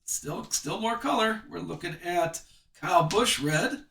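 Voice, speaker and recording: A man's voice: high voice, animated, vocal fry, pushed and bright, echoey room, recorded from a distance. Chatty man hosting a card break. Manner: chatty, reads card names off quickly. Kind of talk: live card break commentary.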